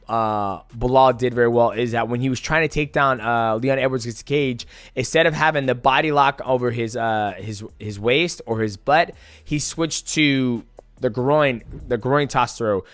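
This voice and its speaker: A man's voice: medium pitch, a bit bright, dry recording. Man breaking down a fight, dry. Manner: profane, explains with demonstrations. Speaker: fight analyst.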